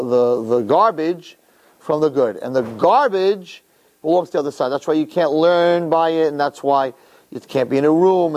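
A man teaching a Torah class, emphatic and animated, repeating words and firing off rhetorical questions. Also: fairly high pitch.

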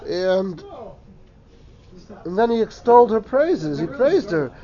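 High-voiced animated Torah teacher. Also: male voice, takes it slowly. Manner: animated, sing-song emphasis on words. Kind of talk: Talmudic lesson to a small class. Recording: dull lo-fi classroom recording.

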